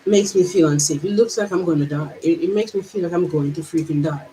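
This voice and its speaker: A woman vlogger with a Jamaican accent, pouring out her feelings in a halting personal monologue full of restarts. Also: lowish voice, warm tone, rough recording.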